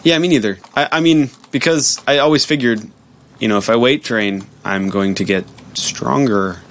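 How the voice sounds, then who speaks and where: A man co-hosting a podcast, chatting casually while he plays a game, animated and jokey and prone to silly voices. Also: medium pitch, moderate pace. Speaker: podcast co-host playing a game. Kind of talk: casual gaming chat.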